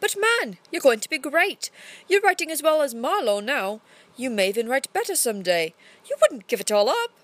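Woman doing a solemn theatre manager, put-on English accent, high and lively, storybook reading. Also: normal speed, no room sound, close to an everyday voice. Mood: pleading. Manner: solemn, rising to excited pleas. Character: theatre manager, older man, gloomy and fervent.

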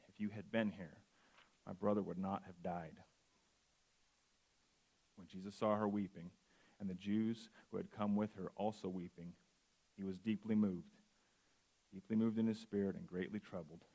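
A man in his forties, a guest preacher, reading scripture earnestly and then sharing a personal testimony. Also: fairly low pitch. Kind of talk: sermon.

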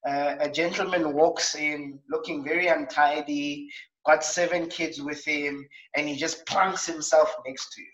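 A South African man hosting a coaching talk show, telling stories in a lively way with acted asides. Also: on the high side, reverberant, recorded from a distance, lo-fi sound. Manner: animated storytelling with acted asides.

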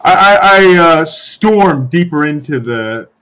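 A man playing in a tabletop game, animated and swearing as he speaks in character. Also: fairly high pitch, slow. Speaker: player. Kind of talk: casual tabletop game play.

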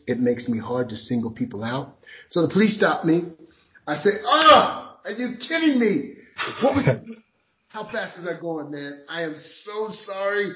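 A man talking as an interview guest, telling emphatic stories and acting out little scenes. His voice sits at a middle pitch. The recording sounds dull and lo-fi. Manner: emphatic storyteller, acts out scenes. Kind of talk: conversational interview.

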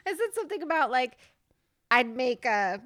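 A woman's voice: high-pitched, big pitch swings, normal speed, a bit bright. A woman from New Jersey with a slight Jersey accent, co-hosting a podcast in playful casual chat, laughing and swearing. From New Jersey, USA. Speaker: podcast co-host.

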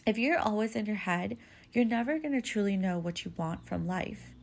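A woman's voice: medium pitch, lively intonation, moderate pace, creaky, slight background noise. A woman hosting a podcast, giving relationship advice in a candid, casual monologue that is full of swearing and "like" fillers. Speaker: podcast host.

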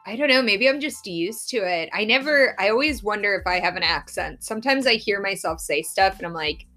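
A woman with a Philadelphia accent co-hosting a podcast, telling stories quickly in casual chat. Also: medium pitch, animated, sharp tone, soft background music. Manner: fast, chatty storyteller. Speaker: podcast co-host.

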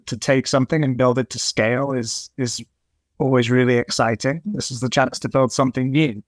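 A man being interviewed as a new CEO, answering in an earnest, measured way. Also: medium pitch, no room sound, clean studio sound.

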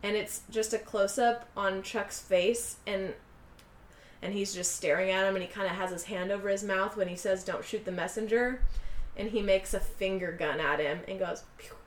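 A woman retelling a movie scene by scene in a relaxed chatty way, slipping into quick voices for each character she quotes. Her pitch sits in the middle range for a woman. The room around her is noticeably echoey. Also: slight background noise. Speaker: podcast co-host recapping a film. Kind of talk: casual chat.

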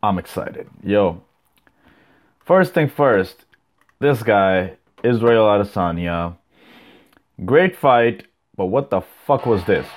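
A young man with a very deep, low voice hosts a casual solo podcast. He rambles loosely, swears freely and jumps from one thought to the next as he reacts to clips. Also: lively intonation, slow, long pauses. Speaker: podcast host.

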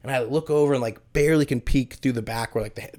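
A man's voice: medium pitch, quick pace, darkish tone. A man telling a long story in casual chat, rambling with lots of filler words, swearing and acting out what people said. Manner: swears, acts out quoted voices; rambling, full of "like". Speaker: podcast co-host telling a story.

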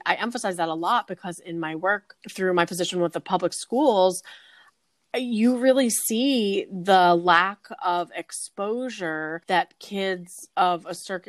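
A woman co-hosting a relaxed conversation, animated and quick to laugh as she tells stories. Her voice sits in an average register and is recorded dry and close. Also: mid-range voice, dry recording. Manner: animated, laughs easily, storytelling. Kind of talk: casual conversation.

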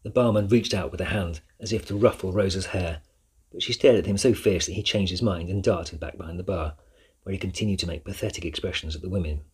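A man reading an audiobook aloud in a steady storytelling manner. His voice sits very low and sounds heavily husky throughout. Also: quick pace. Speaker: narrator. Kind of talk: audiobook narration.

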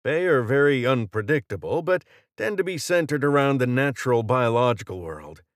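A man reading the lines of a gruff male mercenary who talks in brusque, clipped banter. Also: medium pitch, animated, moderate pace, no echo, studio quality, voice pushed up, lightly acted.

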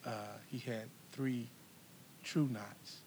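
A man's voice: mid-range voice, steady tone, slow, a little mellow, slight background noise. A man speaking with firm conviction as a guest, sharing his faith testimony.

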